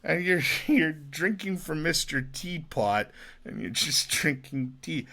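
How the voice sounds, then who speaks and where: Giggly gravelly man rambling drunk. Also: a little high, animated, slow. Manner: giggly, rambling, swings between mutters and shouts. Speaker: comedy vlogger. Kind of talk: drunk rambling comedy riffs.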